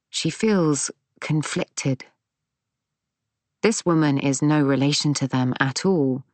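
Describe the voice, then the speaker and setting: A woman reading a novel aloud in calm, measured narration. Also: low-pitched, dry recording. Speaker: audiobook narrator. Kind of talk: scripted narration.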